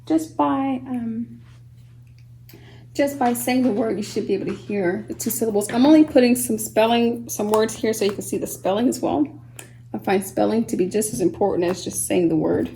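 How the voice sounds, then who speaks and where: A woman teaching a children's phonics lesson, speaking slowly and patiently, sounding out words syllable by syllable and sometimes dropping to a soft whisper. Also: fairly high pitch, gravelly, slight background noise, rough recording. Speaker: homeschool teacher.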